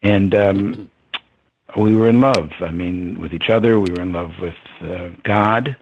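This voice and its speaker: Older guy reminiscing in an interview, deep raspy voice, kinda muffled sound. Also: unhurried, a little hiss or hum. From United States. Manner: reflective, with many ums and soft laughs. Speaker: interview guest. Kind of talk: storytelling in conversation. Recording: dull lo-fi sound.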